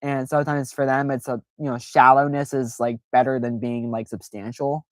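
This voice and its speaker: A woman's voice: a bass voice, steady tone, moderate pace, no room sound. A woman streaming a casual, rambling chat, full of fillers and self-deprecating asides, who acts out quoted reactions in playful voices.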